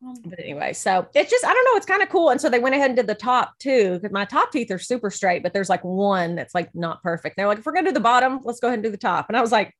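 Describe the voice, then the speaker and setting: A woman co-hosting a podcast in casual chat, talkative and self-deprecating, with a slight lisp from clear aligners in her teeth. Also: a little high, sing-song. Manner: chatty, self-deprecating, quick to laugh. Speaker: podcast co-host.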